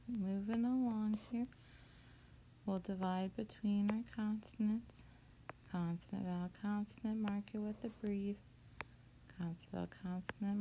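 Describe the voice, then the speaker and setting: A woman teacher walking through a spelling lesson, patient and steady as she breaks words into syllables. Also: medium pitch, creaky, slight background noise.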